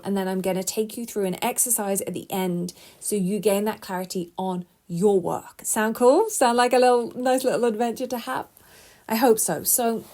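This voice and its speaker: Woman, middle-aged, casual podcast host; lively and chatty, often restarts mid-thought. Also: mid-range voice. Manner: chatty and animated, laughs often, quick restarts. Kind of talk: casual solo podcast talk.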